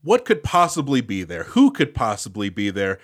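A man's voice: on the low side, huge pitch swings, normal speed. A man co-hosting a podcast, chatting about a film in a jokey, incredulous way with stumbling restarts. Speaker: podcast co-host. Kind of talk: casual chat about a film.

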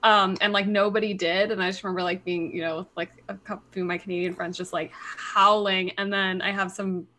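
A woman's voice: medium pitch, level tone, a little fast, few pauses, pushed and bright. A woman co-hosting a podcast over a call, chatty and giggly, rambling with many fillers. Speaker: podcast co-host. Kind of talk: casual chat. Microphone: remote call mic.

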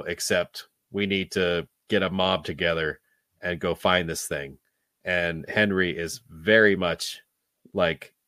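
A low-pitched man chatting casually on a podcast, meandering through his thoughts with lots of "you know" and restarts. His voice is recorded close and dry, with no room sound. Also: a bit bright, no echo. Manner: rambling, many fillers and restarts. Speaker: podcast co-host. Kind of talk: casual movie discussion.

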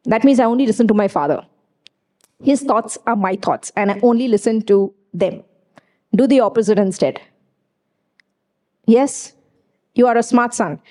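A woman preaching with a slightly high, mellow voice. She speaks emphatically and repeats key phrases for weight. She often slips personal stories into the sermon. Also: lively intonation, normal speed, long pauses.

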